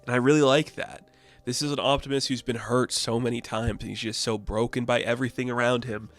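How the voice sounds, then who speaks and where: A man's voice: medium pitch, flat delivery, a little fast, fairly bright tone. A man chatting casually through a comic book review, rambling and filling gaps with "like". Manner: rambling, many "like" fillers.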